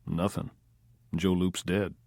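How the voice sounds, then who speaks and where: A hard-nosed cop voiced by a man reading a crime audiobook speaks bluntly and to the point. His voice is low and dry, as if right at the mic. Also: flat delivery, slow, gravelly, a little mellow, dry recording, full character voice. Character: blunt male police detective.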